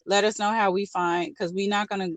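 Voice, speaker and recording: A woman's voice: medium pitch, level tone, a little fast, no echo. A woman hosting a podcast keeps the chat casual and playful, teasing her guest back on track. The sound is dry and close. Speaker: podcast host.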